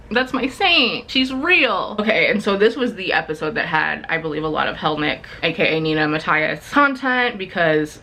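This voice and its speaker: Animated gossipy woman with a bright voice. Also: fairly low pitch. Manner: gossipy, animated, swears freely. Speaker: book and TV vlogger. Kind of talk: casual recap vlog.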